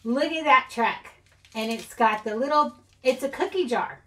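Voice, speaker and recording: A middle-aged woman hosting a craft channel chats her way through a haul vlog, rambling and giggling at herself with self-deprecating humor. Her high-pitched voice is a bit bright and moves at a moderate pace.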